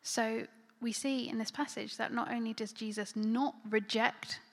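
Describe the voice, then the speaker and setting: A woman preaches a sermon in a casual, conversational manner, often dropping almost to a whisper. Her voice has a gravelly edge. It carries a long reverb from a large church hall. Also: on the high side, steady tone, measured pace. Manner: conversational, filler-heavy, often drops to a near-whisper.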